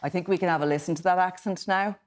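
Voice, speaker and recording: An Irish woman hosts a television panel discussion, chatty and loose with her fillers. Her voice sits low for a woman. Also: fast. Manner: relaxed, chatty, with frequent fillers. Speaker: TV current affairs host.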